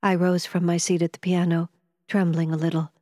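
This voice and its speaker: A woman narrating a storybook in a measured, expressive reading. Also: on the low side, no echo, studio quality.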